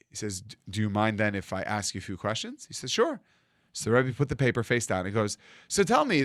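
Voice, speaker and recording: A man's voice: lowish voice, fairly bright tone, no room sound, clean studio sound. A man teaching as a rabbi, telling a story and acting out its dialogue with Hebrew and Yiddish terms mixed in. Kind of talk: storytelling Torah lesson.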